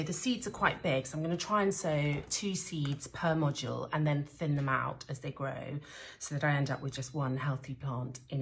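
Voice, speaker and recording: Low-voiced woman chatting through a gardening demo. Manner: chatty, rambling, frequent ums and restarts. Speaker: gardener demonstrating seed sowing. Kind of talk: casual how-to chat. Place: indoors, sheltering from a rainstorm.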